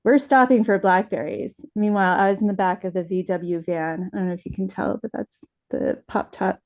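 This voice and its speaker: A woman's voice: fairly low pitch, fairly even intonation, a little fast, darkish tone. A woman on a video call telling a personal family story earnestly, acting out the quoted lines. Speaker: workshop participant.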